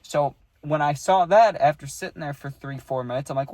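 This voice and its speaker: A man's voice: a little high, normal speed, hardly any pauses, a little mellow, no room sound. A man telling a personal story straight to the camera in a loose, chatty way, dropping "dude" and "like" all through his talk. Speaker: storytime vlogger.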